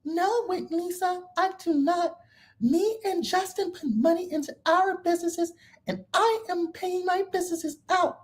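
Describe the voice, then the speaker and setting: A man voicing a mocking impression of a woman reality star in a high falsetto. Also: unhurried, low-quality recording. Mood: indignant.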